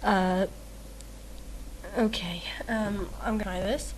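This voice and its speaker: A woman's voice: a little high, expressive, measured pace. A woman rambling through a questionnaire in casual chat, giggly and self-mocking, with lots of ums and uhs. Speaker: video maker answering a meme questionnaire.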